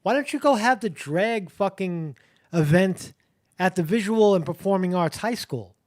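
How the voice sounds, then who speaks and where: A man hosting a live stream, reading headlines and commenting in a halting, blunt way, full of fillers and swearing. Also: sits high, animated, no room sound, clean studio sound. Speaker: live show host.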